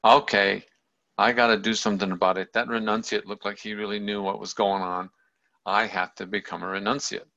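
A man voicing a sheltered young prince who asks halting, astonished questions, heard in a dull lo-fi recording. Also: lowish voice, level tone, bright, forceful tone. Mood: resolved. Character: young sheltered male prince, wide-eyed and shaken.

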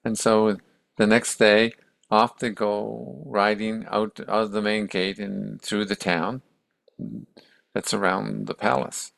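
A man's voice: on the low side, level tone, takes it slowly, vocal fry, fairly bright tone, dry recording. A man casually retelling a story in a conversational way, with many restarts and acted-out quotes.

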